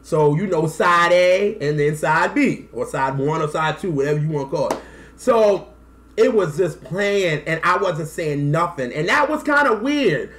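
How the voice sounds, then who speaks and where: A man in his thirties telling a personal story to camera in a casual, animated way, acting out quotes and close to tears. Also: on the high side, unhurried. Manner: animated, acts out quotes, slangy. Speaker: music vlogger.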